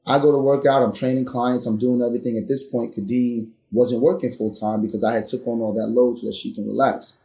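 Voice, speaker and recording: A man's voice: mid-range voice, fairly even intonation, a little fast, few pauses. Earnest man telling a story, roomy. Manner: earnest, builds to loud re-enacted arguments. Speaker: podcast guest. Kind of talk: candid storytelling.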